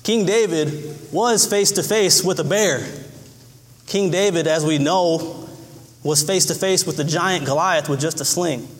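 A man's voice: unhurried, in a large hall. A man preaching a sermon in an earnest way, often repeating his phrases. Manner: earnest, repeats phrases, acts out cries in a high voice.

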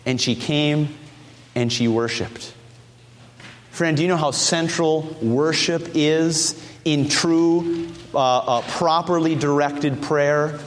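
A man preaching a sermon, animated, acting out the voices of people he quotes. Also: a little high, slow pace, slight background noise. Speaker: pastor. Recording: church hall reverb.

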